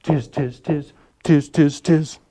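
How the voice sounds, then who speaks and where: A man's voice: on the high side, fairly even intonation, slow, dark tone, slight background noise, voice pushed up. A man voicing a troop of mischievous monkeys that chatter back in mockery, in a storybook read-aloud. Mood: teasing. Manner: teasing, chattering. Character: mischievous mimicking tree monkeys.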